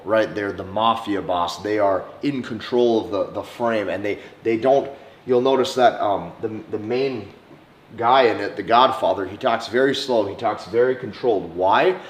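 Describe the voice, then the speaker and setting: A man giving dating advice in a slow, deliberate monologue, softly acting out short example lines. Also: lowish voice. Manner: slow, deliberate delivery with soft acted-out examples. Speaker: dating coach. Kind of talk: instructional monologue to camera. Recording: echoey room.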